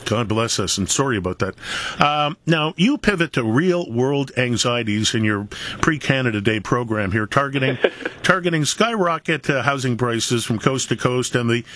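A man co-hosting a talk radio show, putting questions to the host in a measured way. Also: medium pitch, lively intonation, fairly bright tone.

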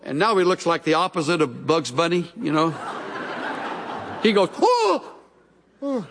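A man preaching a sermon in a large church, telling stories with folksy, humorous asides. His voice sits somewhat high for a man and swings widely up and down. A long reverb trails after his words in the big hall. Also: lively intonation, moderate pace, background noise. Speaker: pastor.

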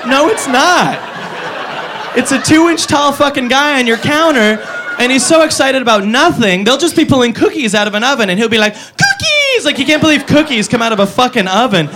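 A man doing a stand-up comedy routine on a club stage, animated and slipping into silly voices. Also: extremely high pitch, a little fast. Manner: animated, jumps into silly voices for his bits. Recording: noisy live club recording with crowd.

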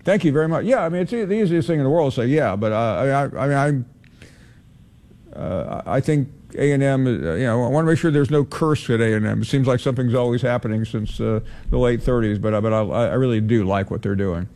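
Measured male sports radio host. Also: mid-range voice, darkish tone. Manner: measured, hesitant, many "uh"s. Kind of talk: call-in sports talk.

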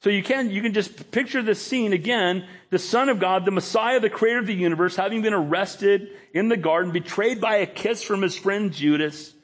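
A man's voice: high-pitched, moderate pace, few pauses. A male pastor preaching a sermon, emphatic and dramatic as he retells a scene.

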